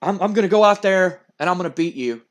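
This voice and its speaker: A man's voice: high voice, animated, fast. A man doing a determined, competitive wrestler. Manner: firm, declaring.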